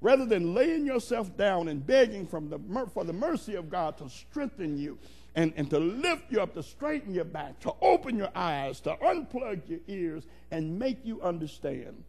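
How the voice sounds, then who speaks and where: A male preacher delivering a sermon with emphatic, rhythmic build-ups and repeated phrases. His voice sits high and carries a gravelly fry. He calls out to his congregation as he goes. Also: big pitch swings, normal speed, darkish tone. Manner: repetitive, building cadence.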